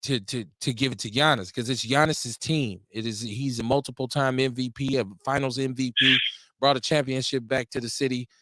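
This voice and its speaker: Measured man in a dry room. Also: medium pitch, fairly even intonation, sharp tone, no room sound. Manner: measured, halting, with fillers and restarts. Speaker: host. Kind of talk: casual sports talk.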